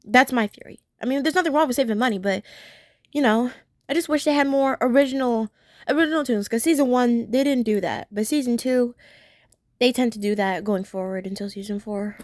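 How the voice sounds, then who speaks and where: A woman's voice: a little high, a little fast, no room sound, clean studio sound. A woman chatting casually as she reviews a cartoon episode, rambling and restarting her sentences as she gushes about it. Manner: gushing, acts out characters' lines in voices.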